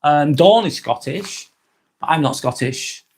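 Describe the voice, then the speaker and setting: Live-stream host: English man, somewhat high voice, casual and rambling. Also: animated, measured pace. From England. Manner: rambling, repeats himself, frequent ums. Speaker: live vlog host reading chat.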